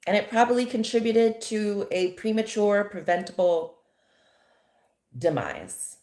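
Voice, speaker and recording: A woman's voice: mid-range voice, lively intonation, measured pace, warm tone, reverberant. An American woman giving an impassioned, indignant monologue full of rhetorical questions. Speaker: commentator.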